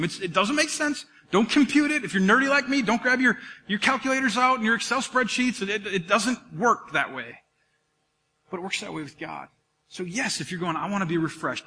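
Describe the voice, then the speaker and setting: A man preaching a sermon to his congregation, talking in an animated, conversational way with asides to the listeners. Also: high-pitched. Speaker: pastor. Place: church sanctuary. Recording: long reverb of a large church hall.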